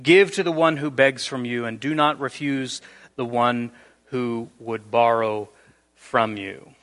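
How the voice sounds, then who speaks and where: A man preaching a sermon in a church, explaining scripture and acting out everyday scenes in a lively way. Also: mid-range voice, takes it slowly, long reverb tail. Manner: animated, acts out everyday scenarios. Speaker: pastor. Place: church sanctuary.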